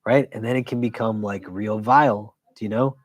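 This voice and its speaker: A man, an imam, teaching a weekly religious class in a casual, conversational way. He keeps checking in with his listeners and tells stories with quick asides. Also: fairly low pitch, no echo. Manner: conversational, keeps asking "do you know?"; animated storytelling with quick asides.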